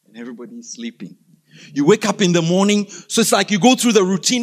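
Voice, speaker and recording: A male preacher from Africa with a notably high voice. He tells his story animatedly, acting out scenes and breaking into sudden shouts. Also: very animated, quick pace. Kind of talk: storytelling sermon.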